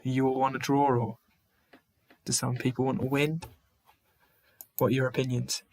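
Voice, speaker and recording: During a live football watchalong, a man chats with viewers by name as he streams, sighing often and restarting his phrases. He speaks at a normal pace in a flat, slightly mellow mid-range voice.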